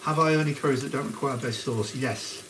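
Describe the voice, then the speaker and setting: A man's voice: medium pitch, a little fast, noisy background. Chatty man hosting a live cookalong. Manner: chatty, greets viewers by name between cooking steps. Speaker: cooking livestream host. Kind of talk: casual live cookalong chat. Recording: frying sizzle behind the voice. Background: onions sizzling in a pan.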